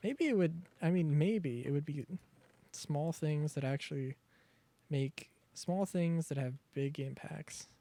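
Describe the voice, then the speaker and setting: A man's voice: on the high side, takes it slowly, creaky, mellow. A young man streaming a survival game, rambling through chatty asides and cutting himself off mid-thought. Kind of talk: casual gaming commentary.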